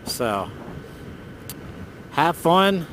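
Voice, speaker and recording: A man with a slightly high voice tells a ghost story in a loose, animated, profane way. He talks while riding a motorcycle outdoors, and a faint hiss of road noise runs underneath. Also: extremely slow. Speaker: motovlogger. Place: outdoors on a motorcycle on city roads.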